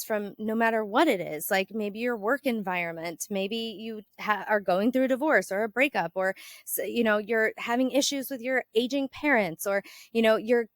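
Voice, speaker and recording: A woman hosts a casual health podcast, chatting in a somewhat high voice. She tells stories with animation, acting out quoted lines and leaning on "like" as a filler. The sound is close and dry, with no room echo. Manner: animated storyteller, acts out quoted exchanges with sudden lifts in pitch and volume; frequent "like" fillers. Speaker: podcast host and health coach.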